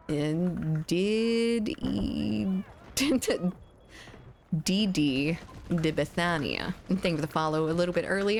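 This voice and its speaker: A woman's voice: low-pitched, slight background noise. A woman streamer chatting casually and reading viewer messages aloud, giggling often, at a desk mic at home. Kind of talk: casual chat reading live chat.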